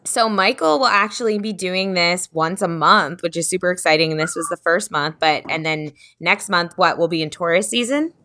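Bright-voiced woman hosting a podcast. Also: on the low side, normal speed, hardly any pauses. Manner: chatty, hesitant, with frequent laughs. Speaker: podcast host. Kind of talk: casual podcast chat.

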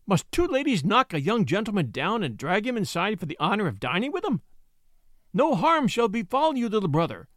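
A man's voice: high voice, very animated, a little fast, fairly bright tone, dry recording, studio quality. A man voicing a blunt, slangy woman shop girl of about thirty in a storybook reading. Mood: bossy. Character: sharp-tongued 30-year-old woman shop girl.

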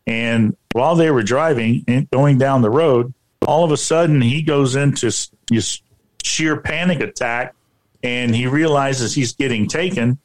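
Guy recounting a story, kinda halting, lots of you-knows, ordinary mid-pitched voice. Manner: halting, repeats himself, many fillers. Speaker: paranormal researcher. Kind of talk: telling a personal story.

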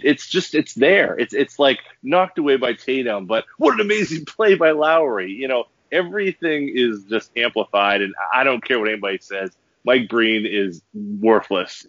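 A man's voice: mid-range voice, no echo. Ranting male sports podcaster, lo-fi. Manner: ranting, animated, stumbling restarts. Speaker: podcast co-host. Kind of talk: heated casual sports talk. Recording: dull dry lo-fi podcast audio.

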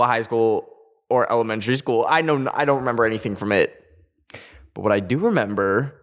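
A young man from Canada talks casually on his own podcast. He rambles and mocks himself, drifting off topic all the time. His voice sits at a middle pitch. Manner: rambling, chatty, self-mocking, easily sidetracked. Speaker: podcast host. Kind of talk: casual solo podcast chat.

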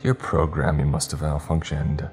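A man's voice: rumbling low, completely flat delivery, normal speed, a little mellow, soft background music. A man doing a cold, scowling woman official. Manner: curt, disdainful.

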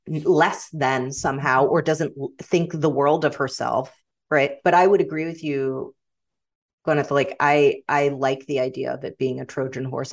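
Guesting as an author in a casual interview, a middle-aged woman with a general American accent and a rumbling low voice chats animatedly. She laughs readily and frequently restarts her sentences.

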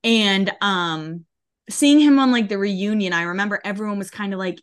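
A woman co-hosting a casual pop culture chat, passing on gossip in an expressive, chatty way. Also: mid-range voice. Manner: gossipy, expressive, quick asides. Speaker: podcast co-host.

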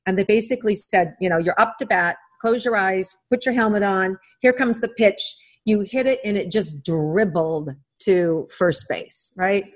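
A middle-aged woman speaks as a psychic-medium guest in a podcast interview. She talks at an ordinary mid pitch, guiding the listener gently and weaving in stories as she goes. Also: normal speed, hardly any pauses. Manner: gentle, coaching storyteller.

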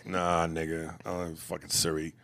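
Profane, bright-voiced podcast host. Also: male voice, deep voice, normal speed. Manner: profane, laughing, animated reader. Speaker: podcast host reading listener emails. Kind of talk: casual chat.

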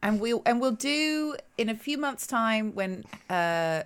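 A woman's voice: on the high side, expressive, takes it slowly, smooth. A woman from Britain co-hosting a podcast while hungover, chatting and giggling in casual talk. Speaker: podcast co-host. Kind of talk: casual chat.

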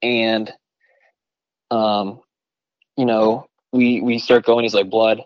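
Excited rambling man telling a hunting story. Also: fairly low pitch, slow pace, no room sound, muffled recording. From Michigan. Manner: excited, rambling, heavy on "like" and "you know". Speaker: podcast guest, bowhunter. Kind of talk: casual storytelling in a podcast interview.

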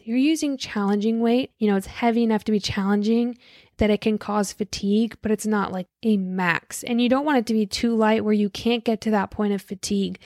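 A young woman in her office, giving casual fitness advice in an animated, chatty way, full of "like" and "dude". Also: mid-range voice, dry recording, clean studio sound. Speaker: fitness creator.

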